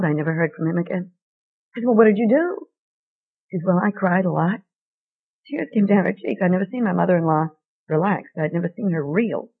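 A woman's voice: mid-range voice, slightly rough. An older woman telling a personal story to an audience, earnestly acting out the quoted dialogue. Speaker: speaker. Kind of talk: storytelling talk. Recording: narrow tinny phone-like sound.

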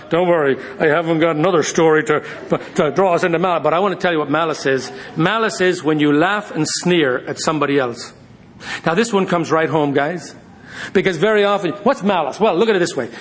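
A man leading a Bible study in an animated, joking storytelling manner. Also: fairly high pitch, brisk. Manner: animated, jokey, addresses listeners as guys. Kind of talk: informal sermon with storytelling.

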